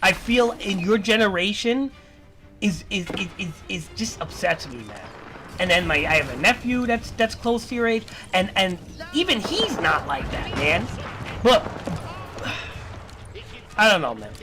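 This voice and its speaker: A man's voice: high voice, big pitch swings, unhurried, bright, forceful tone, faint music behind. A man streaming, ranting in a lecturing, repetitive and profane way. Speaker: livestreamer. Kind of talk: casual stream rant.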